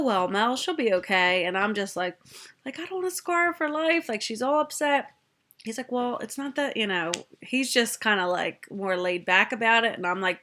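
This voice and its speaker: Bright-voiced young mom telling a story. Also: female voice, mid-range voice. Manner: chatty, full of fillers, acts out quoted family members. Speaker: mother telling a family story. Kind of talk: casual storytime.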